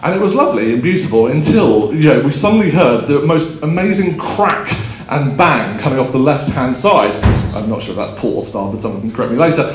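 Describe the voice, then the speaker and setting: A man's voice: mid-range voice, animated, fairly quick, hardly any pauses. Guy doing a keynote, chatty and self-mocking, lots of ums, echoey hall, bit of room noise. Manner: chatty, self-deprecating, frequent ums, laughs at own story. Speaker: keynote speaker. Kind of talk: conference keynote storytelling. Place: conference hall stage. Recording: roomy hall, faint background ambience.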